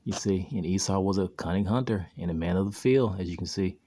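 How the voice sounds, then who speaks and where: A man's voice: deep voice, a little fast, mellow, a little hiss or hum. A man giving an informal Bible lesson in a rambling way, often asking rhetorical questions and answering them himself. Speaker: Bible teacher. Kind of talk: informal scripture lesson over video clips.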